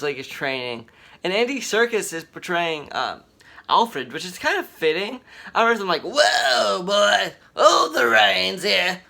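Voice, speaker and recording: Bright-voiced excited man vlogging. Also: mid-range voice. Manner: excited, rambling, many fillers and restarts. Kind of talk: casual commentary vlog.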